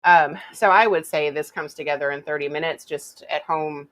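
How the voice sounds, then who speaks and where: A woman's voice: low-pitched, moderate pace, fairly bright tone, no echo, poor audio. A woman hosting a live cooking show from a home kitchen, chatting casually and laughing easily.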